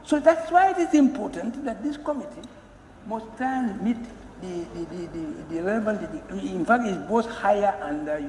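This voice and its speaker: High-voiced lawmaker in echoing chamber. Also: male voice, lively intonation, normal speed, a little mellow. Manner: earnest, emphatic pleading with repeated words. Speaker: member of parliament. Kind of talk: parliamentary floor speech. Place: parliamentary chamber. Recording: echoey chamber with long reverb and faint hum.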